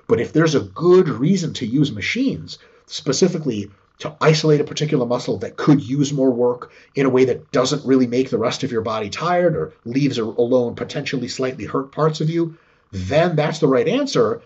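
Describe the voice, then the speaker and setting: On a podcast, a sport scientist guest discusses training animatedly, cursing freely and acting out little dialogues. He has a medium-pitched, husky, darkish voice with lively intonation at a moderate pace, and the recording's highs are cut off.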